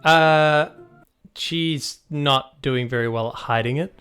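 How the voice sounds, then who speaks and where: A game master running a tabletop game and describing the scene in an animated, chatty way. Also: mid-range voice, takes it slowly, clean tone, soft background music.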